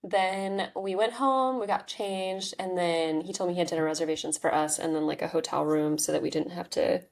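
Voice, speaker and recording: Chatty woman in her thirties, low-pitched. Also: brisk, creaky. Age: 30s. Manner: chatty and candid, with many "like"s and "um"s. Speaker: podcast host. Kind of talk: casual personal storytelling.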